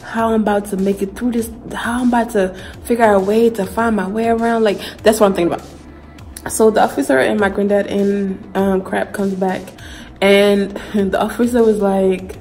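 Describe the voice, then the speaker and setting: A woman's voice: medium pitch, normal speed, rough recording. Vlogger, female, young adult, from Ghana; chatty storytime delivery, faint music underneath. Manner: chatty, animated retelling full of "like" and slang. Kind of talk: casual storytime vlog.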